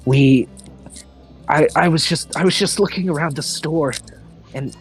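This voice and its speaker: A man's voice: fairly high pitch, a little slow. A man playing a tabletop role-playing game, talking in character with a stammering, hesitant delivery, with faint music behind him. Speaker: tabletop player.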